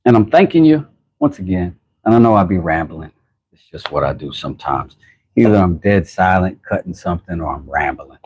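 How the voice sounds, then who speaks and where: An American man hosting a casual livestream, rambling and laughing as he gives shout-outs to viewers from his workshop. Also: deep voice, lively intonation, fairly quick, breathy edge. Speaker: channel host. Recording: dull lo-fi sound.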